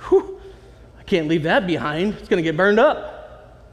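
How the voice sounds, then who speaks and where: A man's voice: high-pitched, sing-song, a little slow, in a large hall. A man voicing a fretful rich man who won't leave his belongings behind, whining over what they cost.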